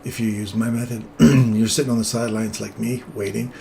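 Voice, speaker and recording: A man hosting a live trading stream, explaining chart entries in a relaxed, jokey way. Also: fairly low pitch, a little fast, vocal fry, a little hiss or hum. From England.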